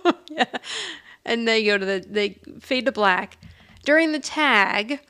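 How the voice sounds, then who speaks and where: A woman's voice: on the high side, lively intonation, a little slow, pushed and bright, clean tone. A woman co-hosting a podcast, casually recapping a TV episode and acting out the characters' lines, often laughing. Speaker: podcast co-host.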